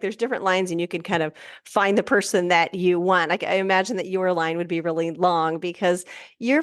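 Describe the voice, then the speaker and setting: A woman's voice: medium pitch, no echo, studio quality. A woman hosting a casual podcast chat, upbeat and encouraging toward her guest. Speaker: podcast host.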